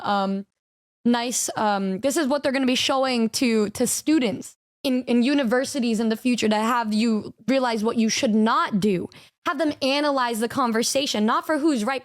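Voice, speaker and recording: Young woman streamer with a high voice, chatty and animated, swears a lot and does voices when she quotes people. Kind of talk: casual stream reaction chat.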